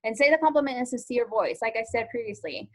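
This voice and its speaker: A woman's voice: fairly high pitch, fast. A woman teaching a social skills lesson to an online class. She talks in a chatty, informal way, with many "ums" and "likes", and keeps asking the students questions.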